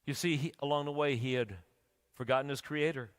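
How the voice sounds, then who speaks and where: A man's voice: mid-range voice, steady tone, brisk, clear, resonant tone. A man preaching a sermon, telling a story and building to urgent, emphatic appeals. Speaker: pastor. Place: church sanctuary. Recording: church hall reverb.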